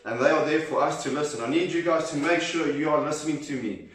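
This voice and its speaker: A man's voice: fairly high pitch, fast talker. A man leading a children's workout, cheerfully encouraging and counting reps aloud, sometimes out of breath. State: out of breath at times. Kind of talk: leading a kids' exercise class. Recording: very echoey room, voice from a distance.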